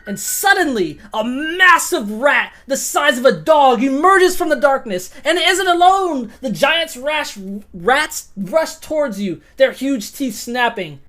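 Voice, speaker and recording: A woman runs a tabletop game in a loose, swearing manner, laughing at the dice as she narrates. Her voice is high, with faint music in the background. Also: lively intonation, a little slow, fairly bright tone. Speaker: game master.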